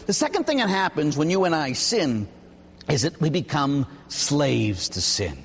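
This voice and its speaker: A man, a Catholic priest, preaching a sermon with animated, emphatic storytelling. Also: on the high side, unhurried, creaky, slightly rough, big-room sound.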